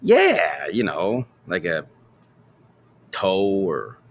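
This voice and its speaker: A man's voice: low voice, wildly swooping pitch, extremely slow, slightly rough, pitched below the performer's own voice, exaggerated voice. Man playing an offhand cannibal councilman.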